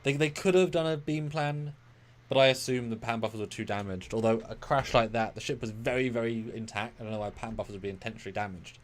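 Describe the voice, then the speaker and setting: A man's voice: mid-range voice, fairly even intonation, quick pace. A man co-hosting a live review stream, talking in rambling, analytical bursts that sometimes speed up. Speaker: co-host of a live review show. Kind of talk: casual live-stream discussion.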